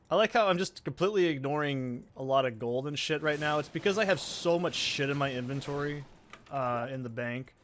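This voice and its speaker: A man's voice: mid-range voice, a bit bright, a little hiss or hum. A man hosting a let's play, giving rambling, profane, self-deprecating gameplay commentary.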